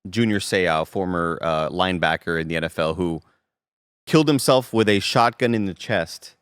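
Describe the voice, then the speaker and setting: A man with a lowish voice talks through a topic on a podcast in a loose, conversational way, full of "um" and "like". His delivery is relaxed and unhurried. The recording is dry and close. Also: smooth, no room sound. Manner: relaxed, joking, uses fillers. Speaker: podcast co-host. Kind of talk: casual chat. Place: podcast studio.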